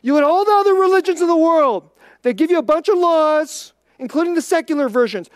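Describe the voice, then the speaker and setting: A preacher giving an informal, conversational sermon, chatty and full of "like", swinging between quick bursts and slow, quiet emphasis. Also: extremely high pitch, lively intonation, no room sound, studio quality.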